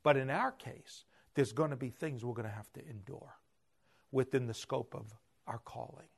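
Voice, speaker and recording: A man preaching a sermon, swinging between loud emphasis and hushed asides. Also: mid-range voice, moderate pace, gravelly, slightly rough. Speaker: pastor.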